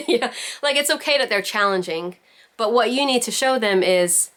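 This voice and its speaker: A woman's voice: medium pitch, a little fast, fairly bright tone. A woman teaching a parenting class over a video call, talking in a chatty way full of "like" and "you know". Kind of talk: casual virtual class teaching.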